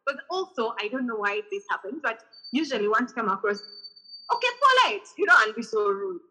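On a rough video-call recording, a podcast host with a fairly high, brisk voice recounts a personal story. Her casual, animated storytelling includes acting out the messages sent to her.

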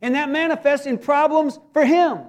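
At a moderate pace, this high-voiced pastor delivers his sermon, shifting from loud, emphatic passages to hushed ones. He keeps it folksy, tossing joking asides to the congregation.

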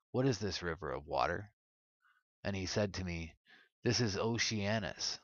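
A man reading an ancient religious text aloud in a measured, solemn way. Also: sits low, dry recording, lo-fi sound. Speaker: narrator.

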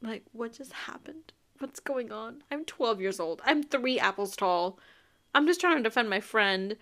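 A panicked, bewildered twelve-year-old boy who keeps asking what just happened, as a woman retelling a book puts him on. His questions come out rattled, dropping to a hush at times. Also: on the high side, expressive, a little slow.

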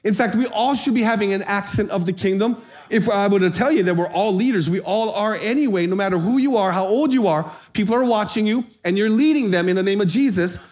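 Male pastor, high-pitched, animated storyteller in the pulpit. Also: fairly quick, few pauses. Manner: animated storyteller, acts out voices, shouts for comic effect. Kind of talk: sermon with storytelling.

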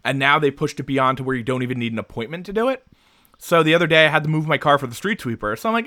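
A man's voice: fairly high pitch, lively intonation, racing, pushed and bright, no room sound, studio quality. A man from Jersey City co-hosting a casual podcast, joking, swearing freely and laughing often. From Jersey City, USA. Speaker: podcast co-host.

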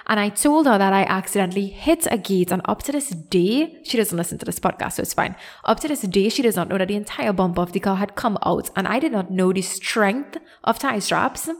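Animated young Trinidadian woman storyteller. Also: medium pitch, a little fast, few pauses. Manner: animated, self-deprecating, acts out quoted voices. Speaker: podcast host. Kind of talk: casual storytelling.

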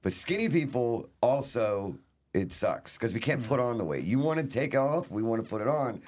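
A man's voice: mid-range voice, lively intonation, normal speed, darkish tone. A man, a comedian guest, rambling and laughing through a casual comedy chat. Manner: rambling, laughing, fond of put-on accents.

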